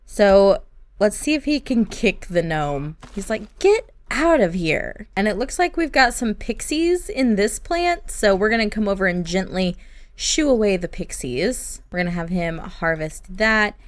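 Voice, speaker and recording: A woman narrating life-sim gameplay as a story in a gentle, sympathetic way. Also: mid-range voice, animated, a little slow. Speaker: game storyteller.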